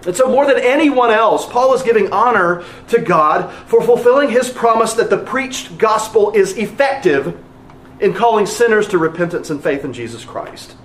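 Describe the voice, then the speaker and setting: High, lively-voiced pastor preaching. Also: male voice, moderate pace, echoey room, slight background noise. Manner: earnest preaching with emphatic repetition. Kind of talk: sermon.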